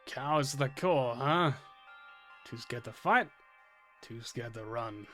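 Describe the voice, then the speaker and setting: A man's voice: medium pitch, lively intonation, slow pace, fairly bright tone, voice pushed down. A man reading aloud a scornful, taunting game character's lines. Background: faint game music.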